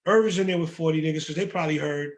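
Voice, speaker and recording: A man from the Bronx, a music producer telling stories in a casual interview, profane, animated and full of slang. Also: on the high side, very fast. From the Bronx, New York.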